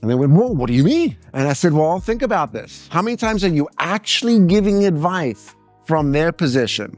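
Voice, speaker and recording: A middle-aged man giving a seminar talk, lively and animated, acting out anecdotes and mimicking other people's voices. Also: a little high, a little fast, soft background music. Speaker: speaker.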